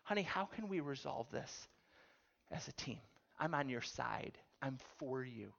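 A preacher voicing a husband in a spoken illustration, gentle and reassuring in his own voice. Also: a little high, big pitch swings, quick pace, gravelly, dull audio, a little hiss or hum, exaggerated voice. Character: patient caring husband, adult man.

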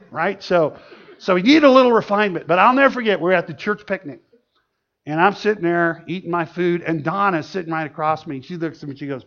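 A high-voiced male pastor tells a story during a church sermon, in an animated and lively manner. His tone is bright and gravelly, and the recording sounds dull and lo-fi. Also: fast talker.

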